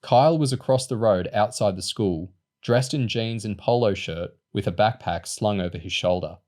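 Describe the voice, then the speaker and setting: A man reading a novel aloud in a steady narrating voice. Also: fairly low pitch, moderate pace. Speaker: audiobook reader. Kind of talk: storybook reading.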